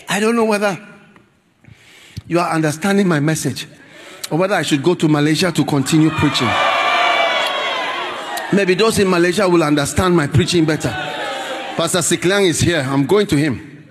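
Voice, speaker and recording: A man preaching a sermon in an animated, pleading way, often breaking into shouts. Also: fairly high pitch, moderate pace, long pauses. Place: large church hall with congregation. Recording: church hall reverb, live crowd.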